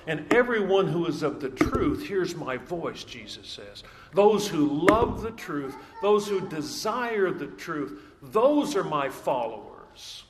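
A man preaching a sermon in an emphatic way, repeating key phrases and slowing down to stress them. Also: fairly high pitch. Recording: echoey hall, faint background noise.

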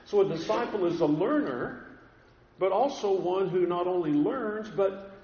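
High-voiced man preaching in an echoey hall. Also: expressive, darkish tone. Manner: earnest, deliberate, often repeats words as he restarts. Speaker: pastor. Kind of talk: sermon. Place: church sanctuary with a congregation. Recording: dull echoey recording in a large hall.

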